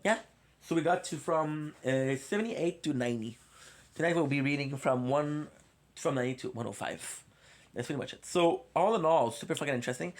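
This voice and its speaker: A man streaming casually, rambling between topics with frequent swearing and stuttered, repeated words, sometimes counting aloud as he plays. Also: a little high. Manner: counts aloud while playing. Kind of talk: casual live-stream chat.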